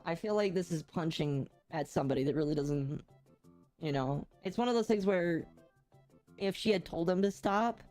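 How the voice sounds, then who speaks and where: A woman co-hosting a podcast gives her frank opinions in casual chat and laughs easily. Her voice sits a little low for a woman. Soft music plays faintly underneath. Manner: blunt and opinionated, laughs often. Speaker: podcast co-host.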